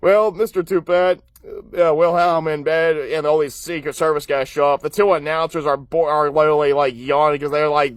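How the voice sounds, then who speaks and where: Man, high voice, dry close sound, casual rambling recap, frequent chuckles, lots of uh and restarts. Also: steady tone, moderate pace, no echo. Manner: chuckles often while recapping, upbeat and rambling. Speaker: cartoon episode reviewer.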